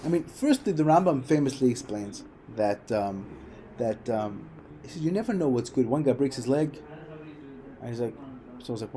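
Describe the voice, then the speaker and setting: A man's voice: mid-range voice, expressive, moderate pace, warm tone. A man giving an informal Torah class, telling stories and repeating phrases for emphasis. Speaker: Torah teacher.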